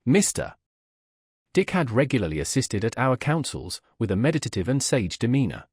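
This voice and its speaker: A man narrating a classic novel as an audiobook in a measured, expressive way. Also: mid-range voice, breathy edge, no echo, clean studio sound. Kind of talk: scripted literary narration.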